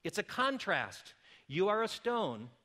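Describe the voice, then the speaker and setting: A middle-aged man delivers a sermon in a bright, clear voice pitched a little high. He moves from calm, careful explanation to loud, emphatic calls. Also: a little slow. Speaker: pastor.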